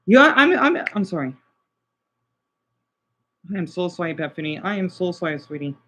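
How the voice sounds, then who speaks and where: A man's voice: on the high side, moderate pace, a bit bright, slight background noise. A man livestreaming in casual chat, agitated and swearing as he talks to his viewers.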